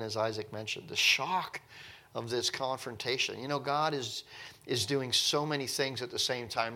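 A man leading a casual Bible study, rambling and animated, acting out the people in the passage. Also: mid-range voice. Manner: rambling, animated, acts out the people he talks about.

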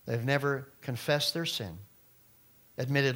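A middle-aged man preaching a sermon as pastor, emphatic, with loud stressed phrases and quiet low asides. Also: normal speed.

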